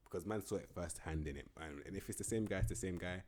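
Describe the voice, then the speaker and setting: A man's voice: deep voice, fast talker. A young man giving casual, slangy, rambling commentary on a video game. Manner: slangy, rambling, animated banter. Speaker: gaming YouTuber.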